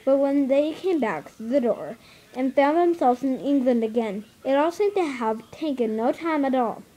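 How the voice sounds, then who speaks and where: A woman reading a children's novel aloud, halting with many stumbles and restarts. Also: high voice, warm tone, poor audio. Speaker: reader.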